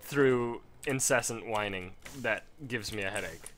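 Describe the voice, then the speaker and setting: A man's voice: fairly low pitch, measured pace, fairly bright tone, slight background noise. A man giving casual gameplay commentary from home at a desk mic, rambling into a profane story. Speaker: let's play gamer.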